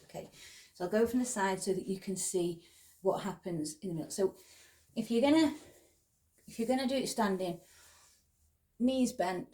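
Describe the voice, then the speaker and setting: A woman at home, softly guiding a meditation and movement practice at an unhurried pace, with quiet whispered asides. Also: lowish voice, slightly rough. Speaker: spiritual teacher. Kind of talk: guided meditation and movement instruction.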